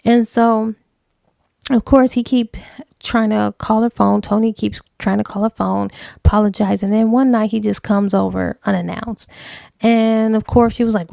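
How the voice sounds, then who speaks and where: A woman book reviewer casually retelling a novel's plot, animated and slipping into acted dialogue. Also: medium pitch, normal speed, gravelly, dry recording, clean studio sound.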